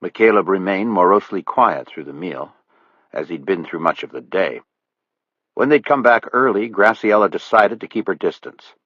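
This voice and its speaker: A man reading an audiobook thriller in measured scripted narration. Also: deep voice, lively intonation, dry recording. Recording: dull lo-fi dry audiobook recording.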